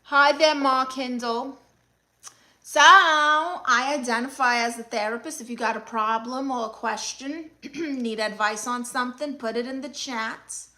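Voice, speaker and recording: A woman playing a brash, sassy aunt who hosts a livestream, reading viewer comments with deadpan scolding. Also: fairly high pitch. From Brooklyn, New York. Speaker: comedic livestream host character. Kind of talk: mockumentary livestream comedy.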